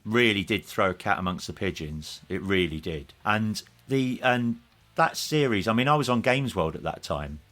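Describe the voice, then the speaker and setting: A man's voice: fairly low pitch, expressive, moderate pace, a bit bright, faint music behind. Chatty man telling stories as a guest. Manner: anecdotal, chuckles mid-sentence, frequent restarts. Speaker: podcast guest. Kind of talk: casual interview chat.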